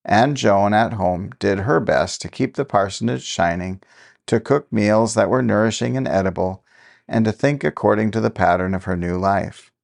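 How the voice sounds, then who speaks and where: A man narrating a story in a measured, steady manner. His voice sits low with a gravelly edge. This is scripted storytelling.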